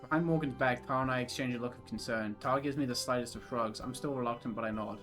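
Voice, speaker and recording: A man's voice: medium pitch, fast talker, fairly bright tone, soft background music. A young man streaming a visual novel, narrating its lines and chatting in a giggly, rambling way with casual swearing. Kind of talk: reading a visual novel aloud with live chat.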